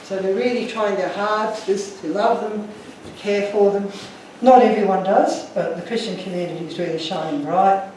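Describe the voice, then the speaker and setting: Man, earnest, emotional storyteller, high voice, distant mic, very echoey hall. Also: normal speed, few pauses, darkish tone, a little hiss or hum. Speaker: speaker. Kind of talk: illustrated talk to an audience. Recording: echoey room from far off.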